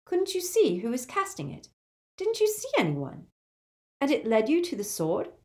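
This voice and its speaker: A sharp, anxious teenage witch, put on by a woman reader speaks well above the reader's own pitch. She fires off pressing questions one after another. It is a storybook reading. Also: huge pitch swings, full character voice. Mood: urgent, incredulous. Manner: rapid, pressing questions in a raised voice.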